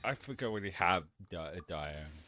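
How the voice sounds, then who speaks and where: A man with a deep voice chatting casually on a live stream, rambling and restarting his sentences, often giggling. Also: animated, moderate pace, bright, forceful tone, a little hiss or hum. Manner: rambling, self-interrupting, giggly.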